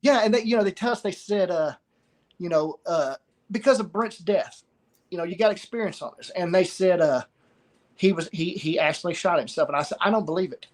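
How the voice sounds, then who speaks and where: Here a middle-aged man, his voice pitched a bit high, is being interviewed and tells a story about himself. The telling is hesitant, full of repeated words and little phrases.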